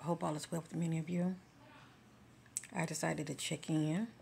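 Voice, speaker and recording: Woman w a deep voice doing a spiritual pep talk vlog, kinda preachy, real direct, keeps asking okay? you know?. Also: flat delivery, moderate pace, creaky, a little mellow, a little hiss or hum. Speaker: spiritual vlogger. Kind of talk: casual spiritual encouragement talk.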